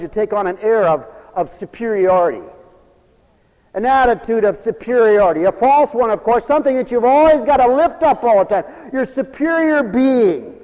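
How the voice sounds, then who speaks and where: A man preaches in a high, ringing voice, folksy and emphatic, dropping to a hush and then rising to a shout. The long reverb of a church hall trails behind every word. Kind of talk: fiery sermon.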